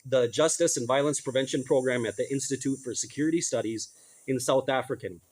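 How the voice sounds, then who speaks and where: A man's voice: medium pitch, brisk. A middle-aged man giving blunt, casual commentary, stumbling over names and correcting himself as he goes. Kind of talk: casual commentary reading news aloud.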